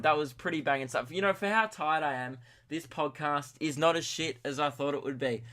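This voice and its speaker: A young man in his early twenties with an Australian accent, telling a comic story on his own podcast in a rambling, self-mocking, excitable way. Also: fairly high pitch, normal speed. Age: early 20s. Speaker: podcast host.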